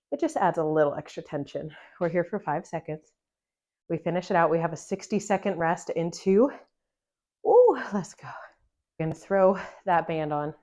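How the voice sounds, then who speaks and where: A woman's voice: low voice, a little mellow. A woman coaching a home workout. She is out of breath, encouraging and talks through each exercise between breaths. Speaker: fitness coach. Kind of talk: follow-along workout instruction.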